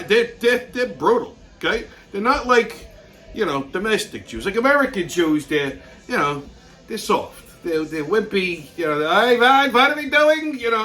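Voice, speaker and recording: A man's voice: high voice, pushed and bright. A man from New York hosting his own channel, ranting bluntly with heavy swearing and stammering restarts. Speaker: channel host. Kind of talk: profane ranting commentary.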